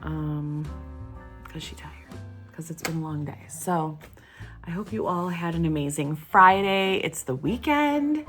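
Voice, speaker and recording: A woman vlogging casually about her crafts, chatty and unhurried, thinking aloud to her viewers. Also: low-pitched, expressive, faint music behind. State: hiccups.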